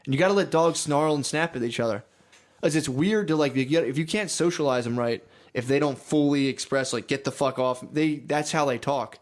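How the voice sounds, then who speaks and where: Brash, profane male podcast co-host, casual comic storytelling with quick put-on quotes. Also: fairly high pitch. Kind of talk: casual comedic chat.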